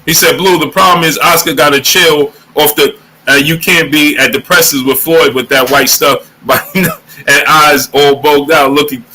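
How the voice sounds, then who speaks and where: A man hosting a boxing livestream, giving shout-outs to the chat in casual, animated talk, sometimes dropping to a hush. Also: on the high side, a little hiss or hum. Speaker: livestream boxing show host.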